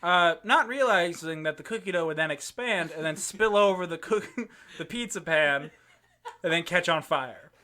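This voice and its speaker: A man's voice: high voice, moderate pace, pushed and bright. A young man telling stories on a casual podcast chat, laughing often as he talks. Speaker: podcast co-host.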